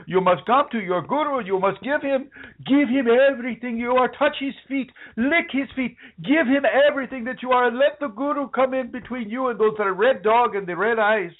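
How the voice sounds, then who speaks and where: A man voicing a solemn guru who gives insistent commands in a high mock accent, heard over a phone-like line. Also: moderate pace. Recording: phone-like narrow sound.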